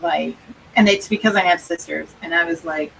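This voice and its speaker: A woman's voice: on the low side, moderate pace, creaky, far from the mic, slight background noise, rough recording. Chatty woman hosting a livestream. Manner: reads viewer comments aloud, chatty. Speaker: livestream host. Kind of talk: casual chat.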